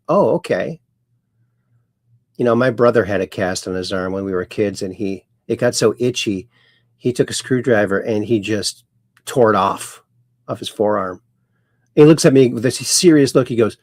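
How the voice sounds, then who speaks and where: A man hosts a casual livestream, chatting folksily and reading out viewer comments with little jokes. His voice is mid-pitched and gravelly with a touch of fry. The room sounds dry and close. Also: a little slow, darkish tone, no room sound. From Ireland. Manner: chatty, folksy, reads comments aloud with wordplay. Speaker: show host reading live chat.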